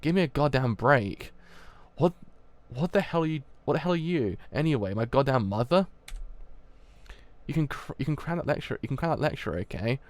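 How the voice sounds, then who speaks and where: A man's voice: on the low side, steady tone, normal speed, gravelly, a little mellow, no room sound. A man reading aloud as a hardened teenage male gang leader, curt and defiant. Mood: angry.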